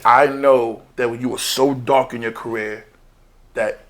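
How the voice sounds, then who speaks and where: A man's voice: medium pitch, fairly even intonation, measured pace, a crowd in the background. A man hosting a casual interview, brash and profane, who takes charge of the conversation and steers his guest.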